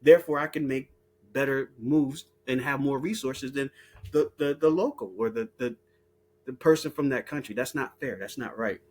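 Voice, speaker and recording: Speaking at normal speed with a medium pitch and a somewhat dark tone, this video host rants casually, swearing heatedly and often repeating himself or starting over.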